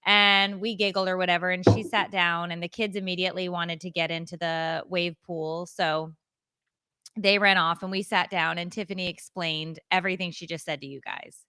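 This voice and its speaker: A woman co-hosting a podcast, retelling a story in a casual, animated, self-mocking way. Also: on the low side, normal speed, smooth. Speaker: podcast co-host.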